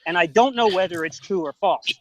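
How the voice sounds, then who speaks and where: A man's voice: sits high, a little fast, rough recording. A man in a heated debate who presses his opponent with pointed questions, repeating "right?" to drive his points home. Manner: insistent, interrogating, repeats "right?". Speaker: debater defending a theory.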